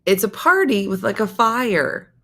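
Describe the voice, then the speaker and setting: A woman voicing another woman who eagerly and insistently explains a campfire party, in a raised, bright voice. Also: mid-range voice, big pitch swings, unhurried, voice pushed up, full character voice.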